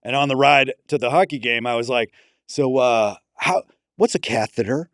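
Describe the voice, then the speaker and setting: A man's voice: medium pitch, moderate pace, fairly bright tone, no echo, clean studio sound. A man from Pittsburgh, a podcast guest, telling rambling comic stories in casual chat. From Pittsburgh, USA. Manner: rambling anecdotal storytelling.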